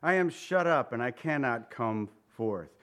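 A male preacher with a medium pitch and a slightly bright tone speaks in an animated way at a measured pace. He reads scripture in antiquated language and asks the congregation conversational questions.

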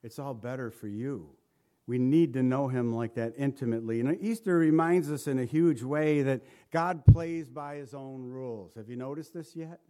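A man's voice: mid-range voice, moderate pace. A man preaching an Easter sermon, asking the congregation questions and quoting scripture. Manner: animated, rhetorical questions to the congregation; quotes scripture in old-style wording. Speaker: pastor.

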